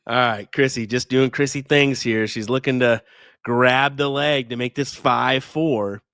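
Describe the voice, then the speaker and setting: Man, darts co-commentator, folksy, laughs a lot, mid pitch, dry close mic. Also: fairly even intonation, measured pace, a bit bright, clean tone, no room sound. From Kansas. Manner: chatty, laughs often, folksy sayings. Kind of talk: casual live commentary.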